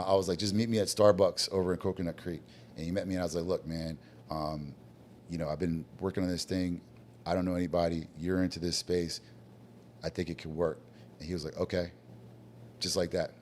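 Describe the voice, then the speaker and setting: A man's voice: low voice, brisk, a little hiss or hum. A man telling his business story bluntly in casual talk, acting out the voices of people he quotes. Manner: blunt, animated, acts out quoted dialogue. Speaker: guest business owner.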